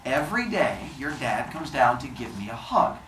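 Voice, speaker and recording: A man's voice: mid-range voice, very animated, moderate pace, fairly bright tone, roomy sound, recorded from a distance, a little hiss or hum, rough recording. Mother earth goddess voiced by a man, coaxing and patient, from afar. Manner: patient, explaining a plan.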